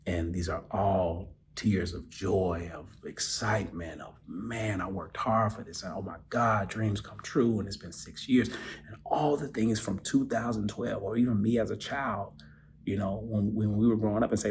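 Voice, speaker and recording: Deep-voiced male podcast host, personal storyteller, swings from lively to soft and choked up. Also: a little slow, a little hiss or hum. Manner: animated, emotional, drops to soft near-whispers. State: choked up, close to tears.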